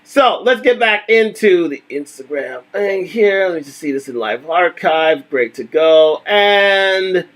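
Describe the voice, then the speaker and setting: A man with a notably high voice hosts a casual live talk stream from a home setup. He talks in an animated, repetitive way, circling back on his points and laughing often. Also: unhurried, few pauses.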